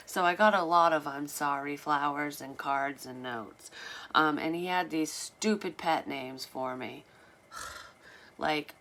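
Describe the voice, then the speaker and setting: A woman's voice: sits low, animated, unhurried, fairly bright tone. A woman telling a personal story in a casual vlog, candid and rambling, swearing freely and filling gaps with "um".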